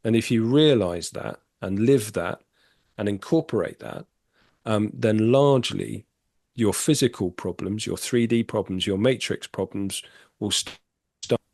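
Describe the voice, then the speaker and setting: A man talking as a podcast guest in casual storytelling chat, candid and animated, swearing freely. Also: fairly low pitch, a little slow, gravelly, no echo, studio quality.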